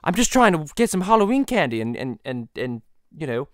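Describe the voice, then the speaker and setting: A man's voice: on the high side, big pitch swings, brisk, no room sound, clean studio sound, voice pushed down. A man doing a stammering cartoon baby. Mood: timid apologetic. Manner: timid, stammering apologies. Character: pompous cartoon baby boy.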